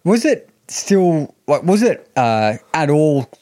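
A man's voice: on the high side, very animated, slow pace, mellow. A man co-hosting a podcast, asking questions hesitantly with lots of "like" and "kinda". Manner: hesitant, many fillers like "like" and "kinda". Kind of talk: casual interview chat.

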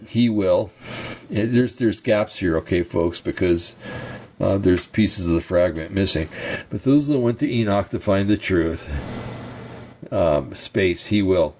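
Low-voiced man reading scripture with asides. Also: a little mellow, slight background noise. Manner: reads texts slowly then comments casually, clears throat. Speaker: bible teacher.

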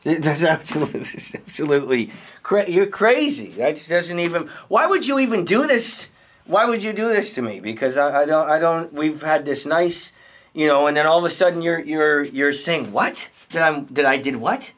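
A man's voice: fairly high pitch, steady tone, moderate pace, a bit bright, natural voice. An actor playing a defensive, flustered male weatherman who stammers, restarts his sentences and sounds indignant in a comedic audio drama. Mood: frantic. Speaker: accused man confronting a podcaster.

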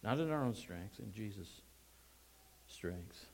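A man's voice: fairly low pitch, expressive, slow, vocal fry, slight background noise. Emphatic man preaching a sermon. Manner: emphatic preaching, rising to loud stressed words and dropping to quiet asides; repeats phrases for emphasis, with restarts. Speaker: pastor.

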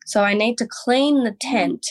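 A woman's voice: on the high side, unhurried, pitched above the performer's own voice, close to an everyday voice. A young Australian woman with an Australian accent, putting on the airy, dreamy voice of her disoriented middle-aged mother. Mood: dreamy, confused.

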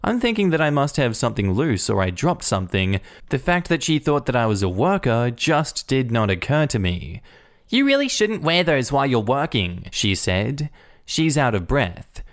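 A man narrating online stories aloud in an even, conversational reading manner. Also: mid-range voice. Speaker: story narrator.

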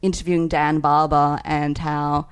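A woman, a food writer, chatting on a podcast and telling a rambling story, quick to laugh and full of "like". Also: low-pitched, level tone, a little hiss or hum.

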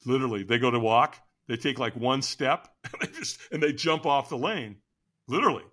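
A man who works as a firewalk instructor, telling excited stories in an interview and acting out quotes with lots of laughter. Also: mid-range voice, normal speed. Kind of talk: animated storytelling.

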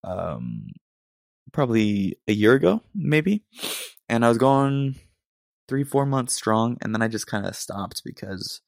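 A man's voice: mid-range voice, big pitch swings, unhurried, vocal fry, no room sound, clean studio sound. A young American man hosting a casual solo podcast, rambling in a self-deprecating way with lots of ums and restarts. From United States. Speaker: podcast host.

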